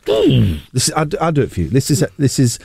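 A man's voice: medium pitch, wildly swooping pitch, brisk, gravelly, a little mellow, husky, no room sound. A man hosting a breakfast radio show, joking and teasing his co-host in playful studio banter. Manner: goofy, teasing, slips into silly voices. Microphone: studio microphone.

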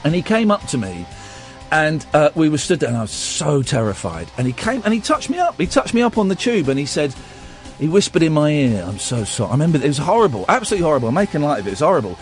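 Chatty high-voiced radio host. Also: male voice, very animated, fast talker, soft background music. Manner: chatty storyteller, breaks into loud sung snatches. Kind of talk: casual late-night radio chat.

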